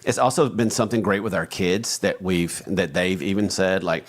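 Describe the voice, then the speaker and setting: Very deep-voiced man chatting loosely. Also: steady tone, moderate pace. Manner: rambling, restarts often, acts out his inner voice. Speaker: podcast co-host. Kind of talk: casual conversation.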